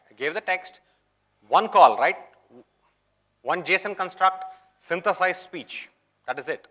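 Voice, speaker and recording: A man with a fairly high voice walks an audience through a live coding demo at a conference. He keeps it chatty and checks in with the room as he goes. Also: pushed and bright. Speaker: tech conference presenter. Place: conference hall.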